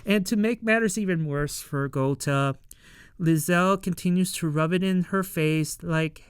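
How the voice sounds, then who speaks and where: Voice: medium pitch, measured pace, clear, resonant tone, no echo, studio quality. A reviewer recapping a TV episode in a casual, rambling way, full of fillers and acting out the characters' lines.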